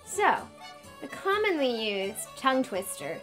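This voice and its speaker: Woman, high and lively, playful mock-earnest sketch-comedy teacher. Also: moderate pace, soft background music. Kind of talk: comic sketch, mock tutorial.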